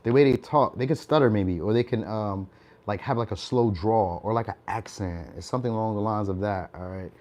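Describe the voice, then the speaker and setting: A man's voice: lowish voice, a little fast, a little mellow. A young man giving a casual, chatty tarot reading. He laughs often and keeps tagging his lines with "all right?". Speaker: tarot reader.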